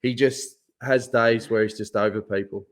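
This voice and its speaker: A man's voice: lowish voice, fairly even intonation, normal speed. A man hosting a podcast, chatting and telling stories with laughter. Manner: laughing, storytelling banter. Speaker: podcast host. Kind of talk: casual chat.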